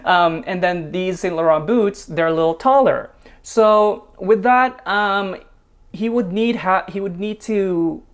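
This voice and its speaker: Slow, chatty man reacting to dance. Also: high voice. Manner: chatty, laughing often, many filler ums. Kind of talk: casual reaction commentary.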